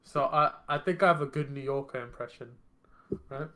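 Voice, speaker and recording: A man's voice: medium pitch, a little fast, sharp tone, slight background noise. A young man co-hosting a podcast, joking and teasing in casual banter with friends. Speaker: podcast co-host.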